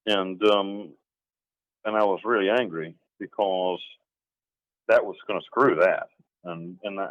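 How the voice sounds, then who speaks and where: A man's voice: lowish voice, moderate pace, pauses often, no room sound, highs cut off. A middle-aged man from North Carolina, recounting his past in a rambling, emphatic interview, sometimes acting out what others said. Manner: rambling, emphatic, slips into acted quotes. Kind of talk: telling his story in an interview.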